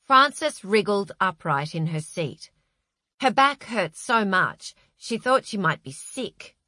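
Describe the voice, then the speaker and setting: Woman reading a novel aloud, slow and wry, dry close mic. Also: mid-range voice, no room sound. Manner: wry, expressive storytelling. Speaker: audiobook narrator. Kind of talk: scripted narration.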